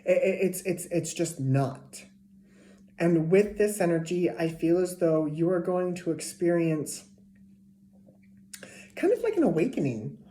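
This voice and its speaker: A woman's voice: on the low side, steady tone, measured pace, dark tone. A woman giving a casual tarot reading to a zodiac sign, chatty and repeating herself, sometimes dropping to a whisper. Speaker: tarot reader. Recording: echoey room with faint noise.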